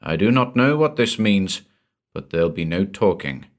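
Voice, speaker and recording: A man's voice: low voice, sing-song, normal speed. A man reading the part of an old, dour and loyal manservant in a storybook. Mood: earnest.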